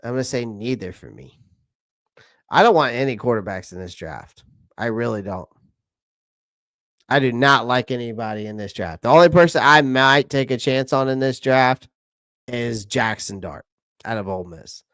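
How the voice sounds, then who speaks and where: A man's voice: mid-range voice, normal speed, pauses often, fairly bright tone, dry recording, studio quality. A man from South Carolina, hosting a casual live stream, reading out viewer comments and answering them in a chatty way that repeats his points. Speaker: channel host answering live chat.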